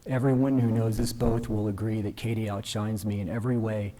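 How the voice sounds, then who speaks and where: A man giving a measured, earnest formal speech at a ceremony, modest and self-deprecating. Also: fairly low pitch, flat delivery, mellow. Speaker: newly invested justice giving a speech. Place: ceremony hall.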